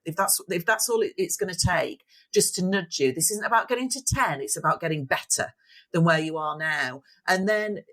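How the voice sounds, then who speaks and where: A woman with a somewhat low voice talks as a guest on an interview podcast. She sounds upbeat and motivational. She explains her points through everyday examples. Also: moderate pace, fairly bright tone. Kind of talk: interview conversation.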